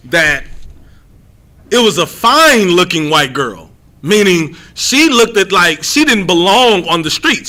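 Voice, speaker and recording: A young man giving a livestreamed scripture teaching as a street preacher, animated and rambling, often repeating himself. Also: high-pitched.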